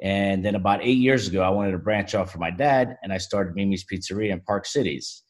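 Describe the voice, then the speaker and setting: A man's voice: low voice, a little fast. A man with a Brooklyn New York accent, a pizzeria owner giving plainspoken, friendly answers as a guest in a casual interview.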